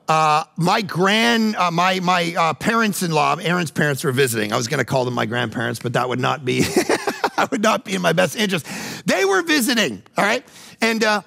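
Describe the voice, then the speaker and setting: Middle-aged guy preaching, high voice, super animated, goes from loud to hushed. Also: creaky. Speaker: pastor. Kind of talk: sermon.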